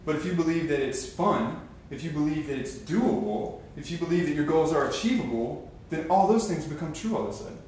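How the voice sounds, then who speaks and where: A man's voice: on the high side, lively intonation, a little fast, hardly any pauses, a little mellow, slight background noise. A man giving a motivational talk to a live group, telling stories and building to pumped-up exhortation, recorded from a far camcorder. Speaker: motivational speaker. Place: large room with a live group. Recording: echoey room from a far camcorder.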